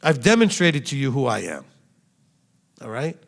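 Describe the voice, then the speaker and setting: Animated male rabbi preaching in a hall. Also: mid-range voice, moderate pace, gravelly. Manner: animated, asks the congregation direct rhetorical questions. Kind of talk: sermon. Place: meeting room with a congregation. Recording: long reverb in a hall.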